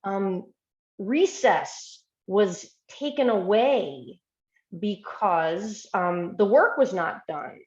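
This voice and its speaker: A woman's voice: mid-range voice, animated, very slow, roomy sound, lo-fi sound. A woman physician giving a storytelling presentation, talking earnestly and with emotion over a video call.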